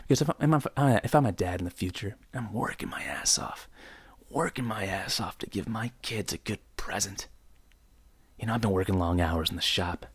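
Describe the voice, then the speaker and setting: A man's voice: lowish voice, brisk, husky. A young man hosting his own podcast in a joking, rambling rant, mock-outraged, close to the mic. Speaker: podcast host. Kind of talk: solo comedic podcast rant.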